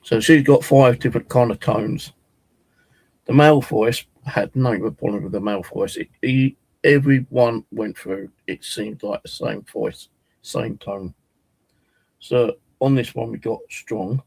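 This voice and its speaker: Man, paranormal vlogger, gravelly, low, rambling, dry sound. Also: measured pace, a little mellow, dry recording, low-quality recording. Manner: rambling, hesitant with many ums. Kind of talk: casual app demonstration.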